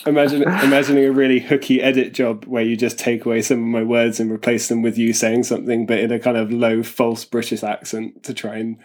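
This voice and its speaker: A man's voice: medium pitch, flat delivery, brisk, hardly any pauses, darkish tone. A man, a poet, chatting as a podcast guest, self-deprecating and often restarting his sentences. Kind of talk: casual podcast chat.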